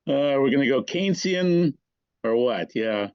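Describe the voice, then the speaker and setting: A man's voice: medium pitch, dry recording. A man from a small Midwestern town who tells jokes on a video call, laughing often and doing voices for the characters. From small Swedish town in the US Midwest. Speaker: participant in a Zoom class. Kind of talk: casual joke-telling on a video call. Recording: dull, dry video-call audio.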